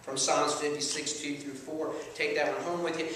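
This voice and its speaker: A man's voice: fairly high pitch, level tone, moderate pace, fairly bright tone, slight background noise. A man preaching a sermon as pastor, conversational and playful, often checking in with the congregation. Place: church sanctuary. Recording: echoey church hall, mic at a distance.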